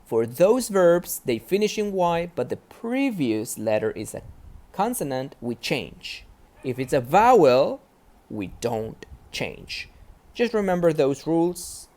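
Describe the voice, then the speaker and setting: A man's voice: a little high, very animated, slow, darkish tone. A man teaching a grammar lesson step by step, often checking in with "right?". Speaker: English teacher.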